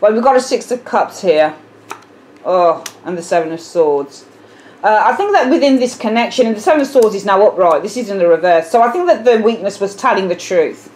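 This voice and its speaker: A woman's voice: mid-range voice, lively intonation, a little fast, a little mellow, slight background noise. A woman with a British accent giving a casual tarot reading to camera, musing aloud and often repeating herself with fillers. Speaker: tarot reader.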